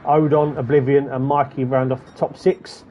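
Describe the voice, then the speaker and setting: A man's voice: mid-range voice, flat delivery, normal speed, dull audio, slight background noise. A man giving chatty commentary on an online racing event, rattling off positions and gaps. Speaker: race commentator.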